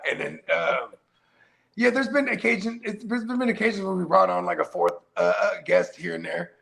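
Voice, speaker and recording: A man hosts a casual podcast chat, his voice heavily gravelly and fried and sitting somewhat high. He rambles loosely and swears freely, leaning on fillers. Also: normal speed, a bit bright. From San Francisco Bay Area. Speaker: podcast host.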